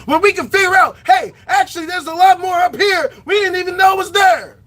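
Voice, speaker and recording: A loud man rants to his audience, furious and profane, often breaking into shouts. His voice sits high and rings bright and cutting. He never lets the anger drop. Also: fairly quick. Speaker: online show host. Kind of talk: profane impassioned rant.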